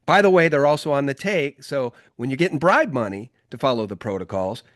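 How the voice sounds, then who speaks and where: A man's voice: mid-range voice, lively intonation, fairly quick, dry recording. Emphatic male interview host, dry sound. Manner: emphatic, indignant. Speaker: podcast host. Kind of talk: conversational interview.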